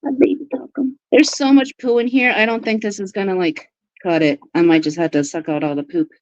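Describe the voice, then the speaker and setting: A woman hosting a casual live stream, bubbly and quick to laugh, who baby-talks to her pets while she chats. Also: mid-range voice, steady tone, no room sound. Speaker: livestream host. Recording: dry, slightly dull livestream audio.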